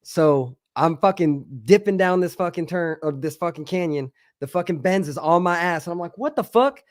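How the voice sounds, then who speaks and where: A man telling a story in a casual podcast chat, animated and profane, acting out the voices of the people in it. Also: fairly high pitch, normal speed, no room sound, studio quality.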